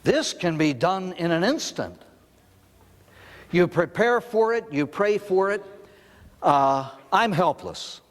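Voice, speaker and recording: A man's voice: high-pitched, a little slow, pauses often, big-room sound. An older man, a priest, giving a recovery talk to an audience, telling stories and asking rhetorical questions. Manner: storytelling, animated, with rhetorical questions.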